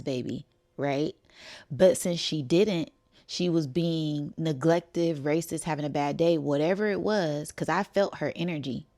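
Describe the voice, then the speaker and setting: Low-voiced woman telling a lively story. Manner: animated storyteller, acts out dialogue, laughs often. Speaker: spiritual channel host. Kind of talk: casual storytelling to viewers.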